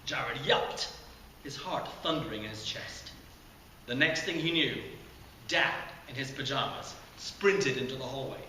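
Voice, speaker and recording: A man reading from his own novel at a launch party, expressive and chuckling at his own jokes. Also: mid-range voice, unhurried, a little hiss or hum. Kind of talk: animated reading aloud of a novel. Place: community center room at a launch party. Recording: echoey community center room.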